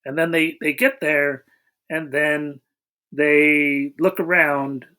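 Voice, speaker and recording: A man's voice: on the high side, fairly even intonation, slow, pushed and bright. A man co-hosting a casual movie-review podcast, rambling and restarting as he retells the plot with dry humor. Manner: rambling, searching for words, wry. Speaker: podcast co-host.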